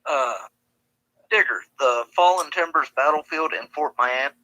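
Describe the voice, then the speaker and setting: A man chatting casually over voice chat, relaxed and hesitant. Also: fairly high pitch, normal speed, no room sound, poor audio. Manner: laid-back, hesitant with fillers. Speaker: voice-chat participant.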